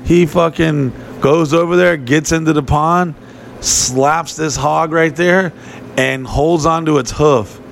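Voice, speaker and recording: A man's voice: a little high, fairly even intonation, slow pace, gravelly, slight background noise. Profane rambling storyteller man. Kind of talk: casual podcast chat.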